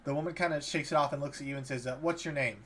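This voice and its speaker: A man's voice: medium pitch, fairly even intonation, very fast. A man running a tabletop game as dungeon master, narrating loosely with many fillers and restarts. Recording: faint background noise.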